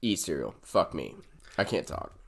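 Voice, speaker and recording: A man with a somewhat low voice banters on a casual podcast. He spins playful analogies and drops curses in easy, relaxed chat. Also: normal speed, vocal fry. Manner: playful, profane, riffing on analogies. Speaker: podcast co-host.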